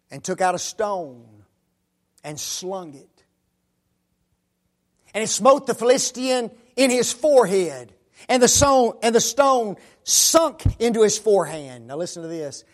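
A high-voiced man preaches a sermon, tossing out rhetorical tag questions and swinging between loud declarations and hushed asides.

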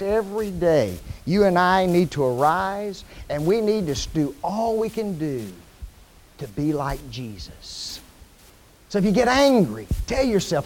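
A man preaching a sermon, asking the congregation questions and answering them, swinging from loud high emphasis to low soft drops. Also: very animated, takes it slowly.

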